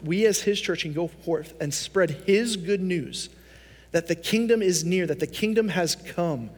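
A man's voice: a little high, breathy edge, in a large hall. A male pastor preaching a sermon, telling stories with animation and acting out the voices he quotes.

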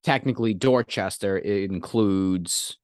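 Low-voiced rambling man, dry sound. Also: a little slow, a little mellow, dry recording. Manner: rambling, hedging, swears. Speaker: podcast co-host. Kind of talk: casual chat.

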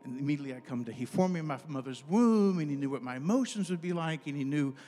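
A man in his fifties speaks in a fairly high voice, giving a chatty sermon in a church with music playing behind him. He acts out little conversations in his head with animated voices, then moves into a heartfelt prayer. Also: quick pace. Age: 50s. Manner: conversational, plays out inner dialogues in lively voices.

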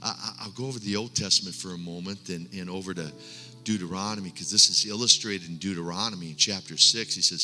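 A middle-aged man preaching a sermon with a personal testimony, speaking earnestly with halting restarts and dropping to hushed tones. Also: deep voice, steady tone. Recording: long hall reverb, faint music.

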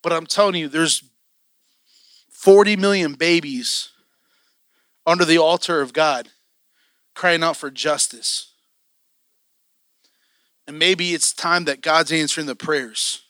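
A man preaching a passionate sermon as a church elder, telling stories and acting out his own excitement. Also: a little high, takes it slowly, pauses often, no room sound, studio quality.

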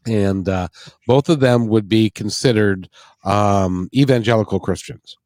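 A man's voice: lowish voice, unhurried, darkish tone, no room sound, studio quality. A man hosting a casual interview, hesitant with frequent restarts and fillers.

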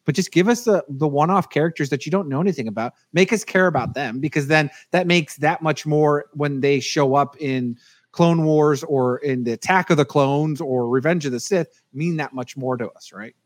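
A man's voice: fairly high pitch, normal speed, dry recording. A man co-hosting a casual podcast chat, rambling with lots of fillers and restarts. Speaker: podcast co-host.

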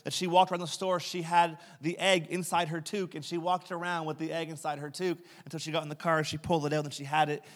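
A pastor telling funny family stories in a sermon, recorded in a church sanctuary. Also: male voice, fairly high pitch, flat delivery, quick pace, few pauses. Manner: humorous anecdotal storytelling.

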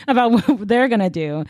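A woman's voice: on the high side, no room sound, clean studio sound. A woman co-hosting a casual podcast, recapping a book plot and acting out the characters' lines with a laugh here and there. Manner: animated storytelling, acts out characters' lines, laughs often. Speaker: podcast co-host.

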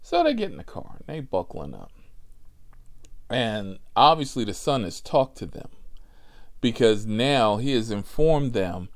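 A rideshare driver telling a personal story, profane and animated, with laughing asides. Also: male voice, mid-range voice, unhurried.

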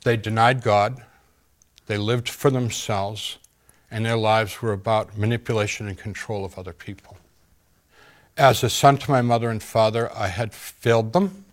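A man giving an earnest, halting personal testimony in an interview, pausing often and using fillers. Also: fairly low pitch, fairly even intonation. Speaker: interview guest.

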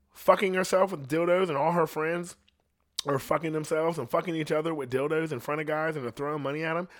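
A man's voice: fairly high pitch, fairly bright tone, dry recording, clean studio sound. A young man telling a crude story in casual chat, profane and rambling, laughing between lines. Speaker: podcast storyteller.

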